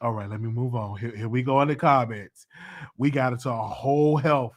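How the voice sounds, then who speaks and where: A man's voice: mid-range voice, fairly quick. A man with a Southern US accent hosting his own show, chatting casually and playfully with laughing asides. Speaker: show host. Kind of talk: casual solo commentary.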